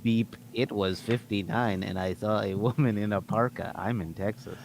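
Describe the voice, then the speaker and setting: A man voicing a flat, mechanical robot reading out a viewer message. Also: lowish voice, normal speed, creaky, a little hiss or hum. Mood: deadpan.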